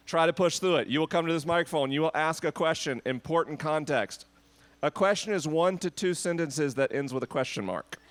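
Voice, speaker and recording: A man's voice: a little high, a bit bright, clean tone. A man hosting a live podcast Q&A on an outdoor festival stage, joking and self-deprecating with the crowd. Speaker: podcast host.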